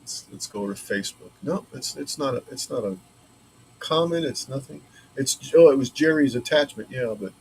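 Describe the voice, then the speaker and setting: A man's voice: medium pitch, moderate pace, a little hiss or hum. A man chatting casually on a livestream from his woodworking shop, rambling and thinking aloud as he works. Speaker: maker streaming a laser-cut build.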